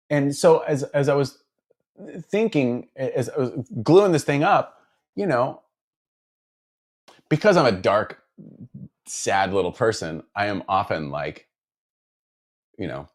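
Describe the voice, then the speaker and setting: A man's voice: mid-range voice, sing-song, slow, long pauses. A man building guitars, chatting casually and rambling while he works in his workshop, with lots of fillers and self-deprecating asides. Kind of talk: casual chat while working.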